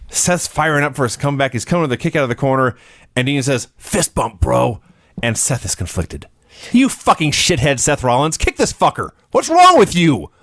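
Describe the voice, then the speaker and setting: Brief: male co-host, scornful and mocking, fairly high voice, lively, dry close mic. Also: no room sound. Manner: scornful, mocks lines in loud put-on shouts. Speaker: podcast co-host. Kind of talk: casual profane wrestling review chat.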